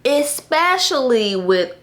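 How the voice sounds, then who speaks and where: A young woman vlogging casually about her book picks, animated and laughing often as she talks to viewers. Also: high-pitched, slow. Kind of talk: casual chat to camera.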